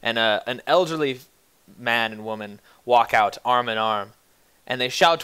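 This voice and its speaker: A man's voice: mid-range voice, measured pace, pushed and bright, clean tone. A young man narrating as game master of a tabletop game, casual and profane.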